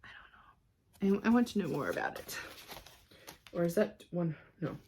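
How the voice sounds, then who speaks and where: A woman chatting casually as she shows her cross-stitch projects, scattered and quick to laugh at herself. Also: on the low side, lively intonation, heavy background noise. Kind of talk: casual show-and-tell chat.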